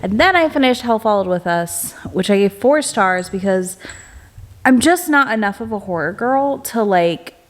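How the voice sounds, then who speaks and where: A woman's voice: medium pitch, animated, moderate pace. A young woman chatting casually in a reading vlog at home, upbeat and full of fillers and restarts. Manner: hushed late-night whisper. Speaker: book vlogger.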